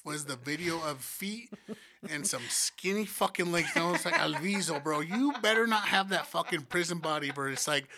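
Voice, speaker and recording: A man co-hosting a podcast in casual, excitable chat, swearing freely and constantly adding "you know what I'm saying". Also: a little high, moderate pace, crowd noise. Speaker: podcast co-host.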